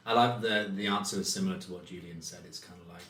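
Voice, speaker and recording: A man co-hosting a podcast in casual chat, playful and quick to laugh, fond of telling jokes. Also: deep voice, a bit bright, reverberant, slight background noise. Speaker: podcast co-host.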